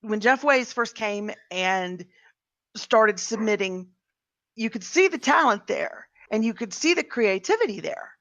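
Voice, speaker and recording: A woman's voice: a little high, animated, a little slow, fairly bright tone, no echo. A woman who writes fiction, co-hosting a casual podcast chat in a chatty way, with many fillers. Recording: slightly dull lo-fi sound.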